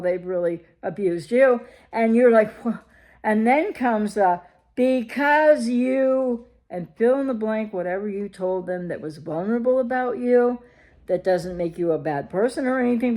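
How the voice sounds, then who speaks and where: A woman with a warm, mid-range voice speaks directly to her viewers as a recovery coach. Her advice comes across emphatically, peppered with rhetorical questions, in a direct-to-camera style.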